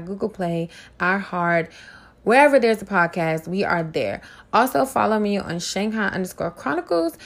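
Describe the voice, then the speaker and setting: Brash woman podcast host, gravelly voice with some fry, profane, mocking gossip riffs. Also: mid-range voice. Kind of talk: casual gossip commentary.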